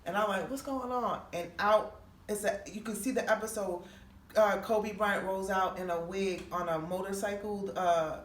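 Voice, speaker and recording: Animated woman telling a story in a roomy space. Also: mid-range voice, normal speed. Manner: animated, profane storytelling with quoted voices. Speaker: comedian guest. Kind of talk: storytelling on a podcast. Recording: roomy, distant mic with faint noise.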